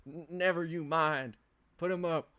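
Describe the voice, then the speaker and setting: A man's voice: on the high side, steady tone, unhurried, sharp tone, pitched above the performer's own voice. A man playing a shaky, threatening gunman. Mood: nervous menace. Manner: threatening but shaky, stammering. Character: nervous armed man, menacing yet quivering.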